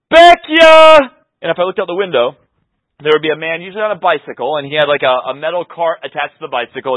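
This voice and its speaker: A pastor preaching a sermon, moving between loud, passionate peaks and soft, intimate stretches. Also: male voice, high-pitched, no echo. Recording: tinny phone-like sound.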